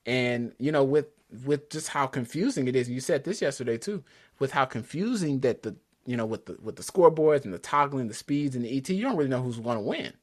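Here a male podcast co-host, medium in pitch and speaking a bit quickly, riffs on drag racing in an easygoing chat. Eager and excitable, he frequently breaks off and begins again.

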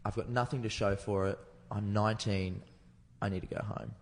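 A man's voice: on the low side, fairly even intonation, moderate pace, long reverb tail. An Australian man, a comedian, telling a personal story in a candid, rambling way and swearing freely. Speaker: comedian guest. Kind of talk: candid storytelling in casual chat.

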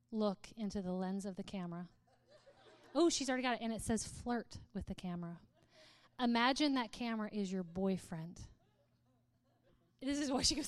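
A woman's voice: on the high side, no echo. A woman speaking to a live audience in a playful, humorous way, often laughing and reading aloud with mock drama.

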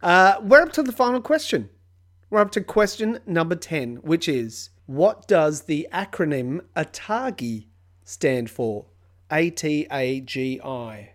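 Quiz host, patient, explanatory, hint-giving, podcast style, mid pitch. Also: expressive, slow.

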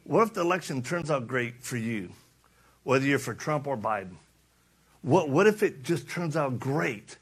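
A man's voice: mid-range voice, animated, normal speed, slightly rough. A middle-aged man preaching a passionate sermon, repeating lines for emphasis and acting out stories with laughter. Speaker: speaker and preacher. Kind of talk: impassioned sermon with storytelling.

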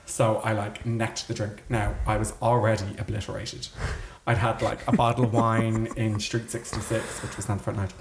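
A man's voice: fairly low pitch, level tone, moderate pace. Young male co-host, chatty storyteller, roomy echo with faint noise. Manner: chatty, laughing, quoting himself. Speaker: podcast co-host. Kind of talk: casual chat, storytelling. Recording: echoey room with faint noise.

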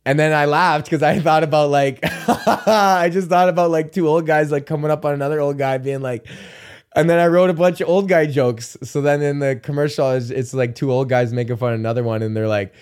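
A man's voice: fairly high pitch, fairly even intonation, fairly quick, clear, resonant tone. A young man from Canada hosting his solo podcast, rambling casually, swearing a lot and laughing often. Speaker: podcast host. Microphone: podcast mic with camera recording.

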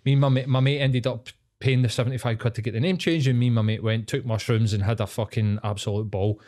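A man's voice: mid-range voice, fairly even intonation, quick pace, darkish tone. A man with a Glaswegian accent, co-hosting a podcast, chatting casually and telling sweary stories, acting out the people in them. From Scotland. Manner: sweary, storytelling, acts out quoted voices. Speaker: podcast co-host. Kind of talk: casual chat.

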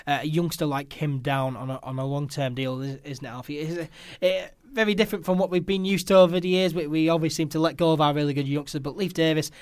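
A man's voice: fairly high pitch, steady tone, fast, few pauses, clean tone, dry recording, studio quality. A man hosting a casual football podcast, upbeat and chatty, with many "uh" fillers and repeated words. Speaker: podcast host.

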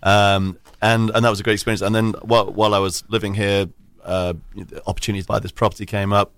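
Chatty man with a smooth, low voice. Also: level tone, fast, fairly bright tone, no room sound. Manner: chatty, joking, restarts often. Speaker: guest. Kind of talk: casual chat.

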